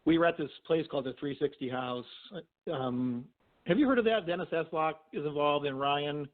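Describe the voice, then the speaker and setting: A middle-aged man with a somewhat high voice rambles through his stories, full of "you know" and restarts. He sounds tinny and thin, like a call over a phone line. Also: moderate pace. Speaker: guest, physician and paranormal investigator. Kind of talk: casual storytelling in a phone interview.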